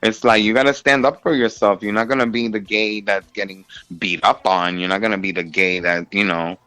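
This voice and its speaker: A middle-aged man from New City, telling stories in a campy, animated casual chat full of "honey" and "darling.". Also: on the low side, brisk, clean tone, dry recording, rough recording. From New York City.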